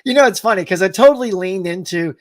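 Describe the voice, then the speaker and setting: A man with a high voice hosts a casual live stream. He laughs a lot, reads viewers' comments aloud and greets each viewer by name in a friendly, upbeat way. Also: lively intonation, fast. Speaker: host of a live stream show.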